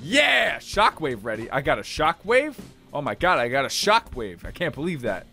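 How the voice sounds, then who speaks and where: A young man commentating his own game play, excitable, swearing and yelling at enemies. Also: fairly high pitch, normal speed, gravelly, soft background music. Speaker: gaming channel host.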